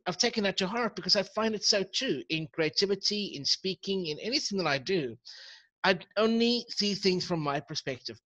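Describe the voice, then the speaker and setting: A man's voice: high-pitched, pushed and bright. A man hosting an interview show, talking in an enthusiastic and reflective way. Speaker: host of the talk show. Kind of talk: casual interview talk.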